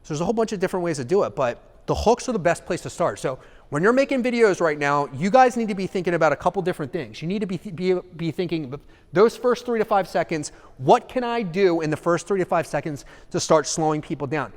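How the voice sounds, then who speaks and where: A man giving a live seminar talk in an animated way, acting out examples and checking in with the audience. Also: high voice, fast talker, long reverb tail. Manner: animated, acts out examples, asks the audience "okay?". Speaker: seminar speaker.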